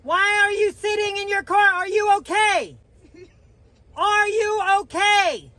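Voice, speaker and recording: A man putting on a nosy, brash prankster voice, shouting and taunting a stranger in a parking lot. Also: very high voice, slow, dry recording, voice pushed up, exaggerated voice. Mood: pestering.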